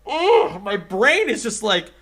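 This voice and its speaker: A man streaming gameplay, talking in an excitable, rambling way and laughing often. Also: high voice, slow. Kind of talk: live gameplay commentary.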